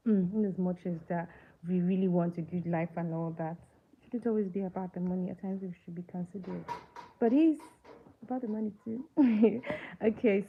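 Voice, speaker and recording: A woman hosting a casual live movie chat, talking to viewers and often asking them questions, with many fillers. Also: fairly low pitch. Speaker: livestream movie reviewer. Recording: tinny phone-like line with faint hiss.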